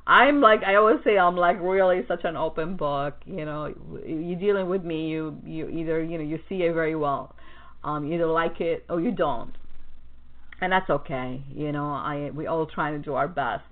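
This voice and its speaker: A woman hosting a podcast, talking in a rambling, animated monologue full of fillers and restarts. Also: low voice, normal speed. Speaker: podcast host. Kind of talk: casual monologue about customer service. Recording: tinny phone-like sound.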